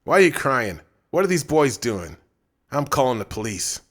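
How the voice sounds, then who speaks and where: A man's voice: medium pitch, very animated, moderate pace, voice pushed up. A man reading an audiobook, voicing an angry adult passerby who calls out sternly in a raised voice. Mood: alarmed. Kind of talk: audiobook narration.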